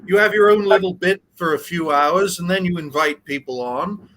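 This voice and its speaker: A man from Wales, a guest on a casual live stream, talking in a halting way with many restarts and slightly formal phrasing. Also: high voice, noisy background.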